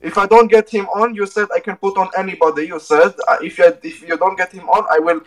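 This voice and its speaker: A man's voice: high voice, flat delivery, fast, a bit bright. A man in an online debate, sarcastic and teasing, who keeps interrupting and repeating his phrases. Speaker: debate opponent. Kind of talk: trolling online voice-chat debate.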